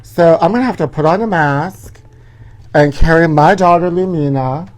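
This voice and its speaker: A man's voice: a little high, normal speed. A man hosting a live gossip show from his parents' house, talking in a sassy, campy way and calling everyone honey.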